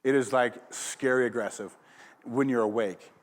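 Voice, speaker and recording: Guy preaching, chatty and rambling, mid pitch, laughs at himself. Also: moderate pace. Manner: casual, rambling, laughs at his own story. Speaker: pastor. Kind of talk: sermon with personal storytelling. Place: church.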